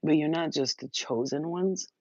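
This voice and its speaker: A woman giving a channeled spiritual message to her viewers, talking in an excited, rambling and emotional way, and cursing now and then. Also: low-pitched, normal speed, no room sound, lo-fi sound. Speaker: spiritual reader.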